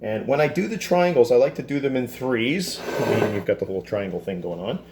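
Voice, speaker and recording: A man walks through plating a dessert in a relaxed, chatty teaching voice, cracking small jokes at his own expense. His pitch sits in an ordinary middle range. A faint hum of noise runs underneath. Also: a little fast. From Canada. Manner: relaxed, chatty, self-deprecating asides. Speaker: culinary teacher. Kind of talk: cooking demonstration. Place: school kitchen.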